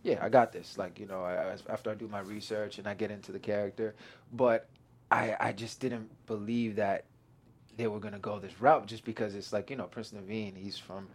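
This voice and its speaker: A young man chatting as a guest actor in an interview, excitable, laughing often and acting out his own quotes. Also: fairly low pitch, a little fast. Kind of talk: casual interview chat.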